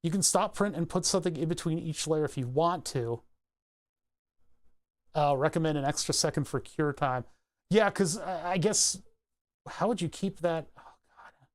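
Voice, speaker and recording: A man's voice: a little high, moderate pace, pauses often. A man with a Philadelphia accent chatting casually on a livestream, rambling through tangents and laughing easily. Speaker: streamer.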